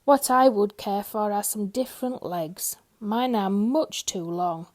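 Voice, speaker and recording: A woman's voice: medium pitch, darkish tone, lightly acted. A woman doing a gloomy, sighing tall storybook man. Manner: sighing, slow and mournful.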